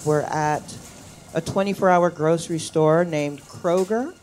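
A woman comedian telling a lively, jokey story and laughing at her own punchlines. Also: sits low, unhurried, a little hiss or hum. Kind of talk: live comic storytelling.

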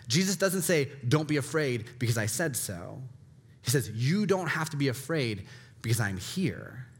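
A man's voice: medium pitch, breathy edge. Man preaching, pastor, earnest, repetitive phrasing, long reverb of a church hall. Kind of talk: sermon. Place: church sanctuary.

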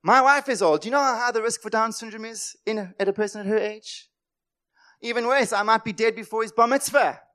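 A pastor with a notably high voice, preaching with fervor. He swings from loud, emphatic declarations to hushed asides and slips into the voices of anxious believers to make his point. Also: fairly quick. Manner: impassioned, swings between loud emphatic lines and quiet asides; acts out voices of worried people. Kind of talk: sermon.

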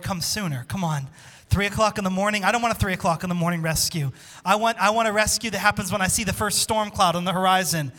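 High, bright-voiced preaching pastor. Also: male voice. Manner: impassioned preaching, drops to a hush for scripture. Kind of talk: sermon.

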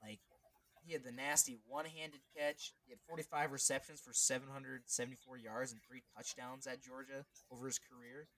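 A man co-hosting a sports podcast in casual chat, rambling and animated, reading stats aloud. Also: medium pitch, fairly quick. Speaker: podcast co-host.

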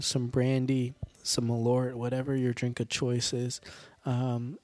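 A man wraps up his podcast, his voice hoarse and worn. He rambles along in a jokey way, full of ums and uhs. The sound is dry and close, with no room around it. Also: mid-range voice, little pitch movement, measured pace, a little mellow, no room sound. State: hoarse, sore throat with coughing. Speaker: podcast host. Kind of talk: casual podcast sign-off.

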